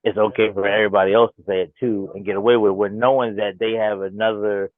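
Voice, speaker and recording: A man with a lowish voice joins the panel over a tinny, phone-like line with a dry sound. He talks loosely, in slang and with plenty of filler. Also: level tone, fast talker, dry recording. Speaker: panel guest. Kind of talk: casual online panel chat.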